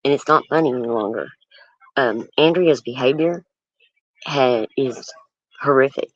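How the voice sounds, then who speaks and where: A livestream host in casual talk, speaking earnestly and firmly about setting boundaries, halting often with ums and restarts. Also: medium pitch, dry recording. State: nervous. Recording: dull lo-fi stream audio.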